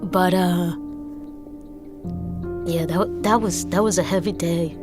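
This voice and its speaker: A woman telling a personal story as an interview guest, animated and stammering into repeats. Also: on the low side, takes it slowly. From Brooklyn, New York. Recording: music playing underneath.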